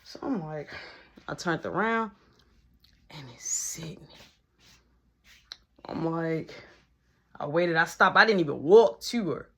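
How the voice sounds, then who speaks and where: Husky young man telling a wild story. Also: on the high side, slow, pauses often. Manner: animated, acts out every quote. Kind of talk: casual storytime.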